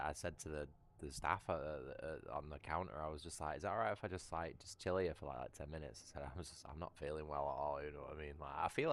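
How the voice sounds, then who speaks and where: Deep, low-pitched British male streamer, laid-back rambling chat, swears freely, faint hum behind. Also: a bit bright. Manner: rambling, sweary, loose storytelling. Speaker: livestream gamer. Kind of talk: casual chat while gaming.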